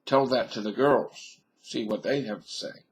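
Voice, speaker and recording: Older man, husky voice, wandering folksy monologue on a webcam, wisecracks. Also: mid-range voice, unhurried. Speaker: vlogger. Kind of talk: rambling monologue to camera.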